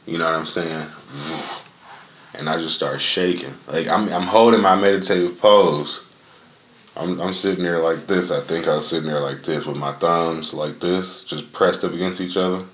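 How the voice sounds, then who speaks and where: A young man with a deep voice hosts a podcast from his front yard, telling a loose, profane story at a moderate pace. The tone is a bit bright and the sound roomy, and his laid-back delivery rambles with many fillers.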